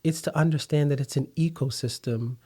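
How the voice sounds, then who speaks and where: A man's voice: on the high side, fairly quick, warm tone, breathy edge. A man, founder of a food company, talking as a guest in a conversational interview, telling his story steadily with some fillers.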